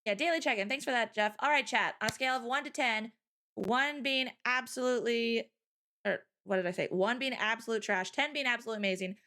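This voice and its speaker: A woman hosting a live stream, chatting casually, loud and laughing often. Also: on the high side, brisk, slight background noise. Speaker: streamer host.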